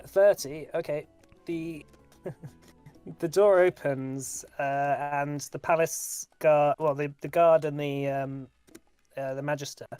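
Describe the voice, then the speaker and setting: A man's voice: fairly high pitch, a little mellow, clear, resonant tone, no room sound. A man running a tabletop game as game master, narrating with many fillers and restarts.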